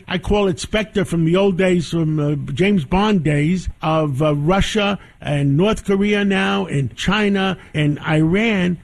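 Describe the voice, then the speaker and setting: A man with a notably high speaking voice hosts a radio talk show. He rambles with enthusiasm, restarting sentences and tripping over words as he pushes his points. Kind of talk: casual talk radio hosting.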